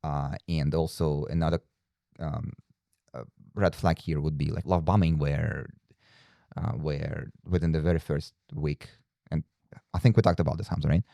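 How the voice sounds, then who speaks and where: A man's voice: rumbling low, fairly even intonation, normal speed, vocal fry, mellow, no room sound, clean studio sound. A man hosting a podcast in casual chat, talking hesitantly and restarting his sentences often. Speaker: podcast host.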